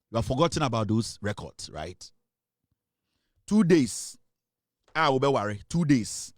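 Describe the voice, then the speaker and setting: A man's voice: mid-range voice, no room sound, clean studio sound. A man hosting a live talk show, delivering repetitive, threatening accusations. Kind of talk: heated live commentary.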